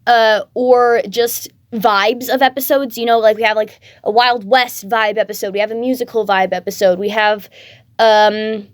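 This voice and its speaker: A woman's voice: on the high side, fairly even intonation, normal speed, no room sound, clean studio sound. Tired, rambling woman vlogger. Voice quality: voice cracking. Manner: rambling, heavy with fillers. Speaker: fan-fiction creator. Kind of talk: casual chat to viewers.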